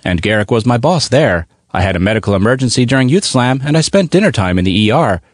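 A man reads a personal testimonial in an earnest, appreciative manner. He speaks quickly and his pitch moves a lot. The recording is dry and close. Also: no room sound. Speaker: program participant giving a testimonial.

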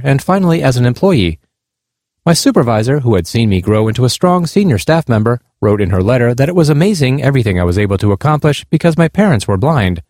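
A man earnestly reading aloud a personal essay about his blind parents' experiences, in a measured tone. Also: medium pitch, a little mellow, no room sound, clean studio sound. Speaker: speaker on disability awareness.

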